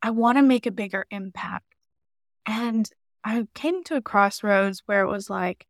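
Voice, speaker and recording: A woman chats as a podcast guest, her voice sitting in a middle range for a woman. She tells stories in a lively, casual way and often says "like". The sound is dry and close. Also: medium pitch, normal speed, no echo. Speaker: podcast guest, marketing mentor. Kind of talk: casual interview chat.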